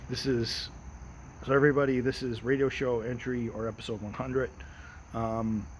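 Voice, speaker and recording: An American man hosting his own show, talking outdoors in a relaxed, rambling way with many restarts. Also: mid-range voice, a little hiss or hum, low-quality recording. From United States. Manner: rambling and repetitive, frequent restarts; relaxed and unhurried. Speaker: host of his own daily audio show. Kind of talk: casual personal monologue. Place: outdoors at night.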